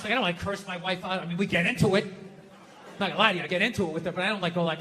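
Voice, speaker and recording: A middle-aged man doing a stand-up routine, with loud, profane ranting and sudden shouts. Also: high voice, steady tone, very fast, slight background noise. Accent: Boston. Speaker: stand-up comedian. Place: live comedy venue with audience laughter.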